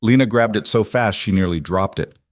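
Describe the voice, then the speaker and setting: A man reading a dramatic romance-thriller story in a measured, even narration. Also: fairly low pitch, dry recording.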